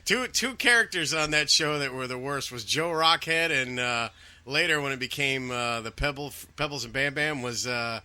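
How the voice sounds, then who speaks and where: Bright-voiced man hosting a comedy podcast. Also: medium pitch, moderate pace, smooth. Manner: loose, profane, laughing often. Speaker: podcast host. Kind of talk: casual comedy chat.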